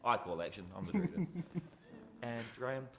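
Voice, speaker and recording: A man in his forties with a New Zealand accent, joking through a film interview in a deadpan, sarcastic way with sudden loud outbursts. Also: medium pitch, moderate pace, slight background noise. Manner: deadpan sarcastic wit with sudden shouted bits. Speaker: film director being interviewed.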